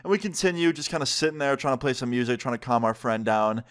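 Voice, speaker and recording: Animated young man telling a story. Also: medium pitch, fast, clean tone. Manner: animated, profane, heavy use of "like". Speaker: vlogger. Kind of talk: casual storytelling.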